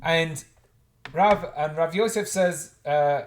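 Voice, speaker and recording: A man's voice: a little high, animated, moderate pace, slight background noise. Man teaching Talmud, thinking aloud. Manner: thinks aloud with frequent restarts, mixes Hebrew-Aramaic terms into explanations. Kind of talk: informal Talmud class.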